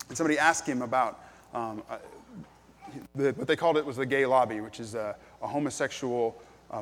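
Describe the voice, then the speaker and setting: A man delivering a sermon at an ordinary middle pitch, earnest and plain, with hesitant ums between points. His voice carries a long reverb, as if recorded in a church hall. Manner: earnest, plain-spoken, many ums and restarts. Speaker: pastor.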